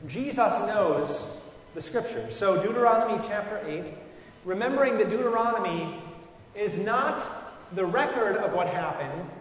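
A man whose voice sits high speaks at a moderate pace with lively intonation, leading a conversational Bible study. He muses informally, with lots of fillers and restarts, and is heard from far off in an echoey hall.

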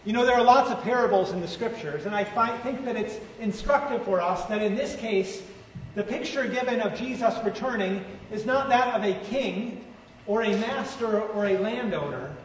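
A man preaching a sermon as pastor, slow and emphatic with dramatic pauses, recorded in a large church hall. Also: high voice, a little hiss or hum. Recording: echoey church hall, far-off mic.

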